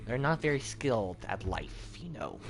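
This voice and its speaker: A man's voice: animated, creaky, over music. A man giving casual, rambling gameplay commentary, mocking himself and talking to his character. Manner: unhurried, with sudden squeaky jumps in pitch. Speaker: gaming channel host.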